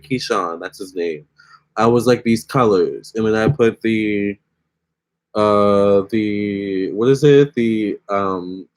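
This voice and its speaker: A young man hosting a casual phone livestream, chatting with viewers and reading their comments aloud. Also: on the low side. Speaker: livestream host.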